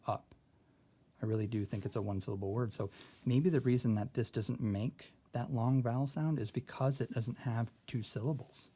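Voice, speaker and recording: A man's voice: medium pitch, normal speed, mellow, husky. A man teaching a spelling lesson, walking through a word sort and checking in often with "okay.".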